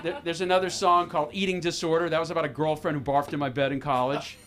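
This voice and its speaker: A man in his fifties doing a self-deprecating stand-up set at an open mic, halting and restarting often. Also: a little high, little pitch movement, crowd noise. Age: 50s. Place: small comedy club stage with audience.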